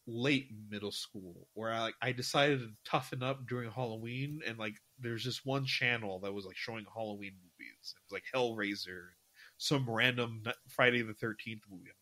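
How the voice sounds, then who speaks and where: This podcast co-host, a young man in his twenties, keeps the chat casual and meandering, often using fillers and starting sentences over. He talks at a normal speed in a mid-range, sharp-toned voice.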